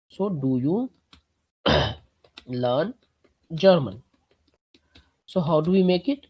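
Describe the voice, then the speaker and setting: Slow husky man teaching German. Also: a little high, darkish tone, low-quality recording. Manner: slow, explains step by step, clears throat often. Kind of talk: online language lesson.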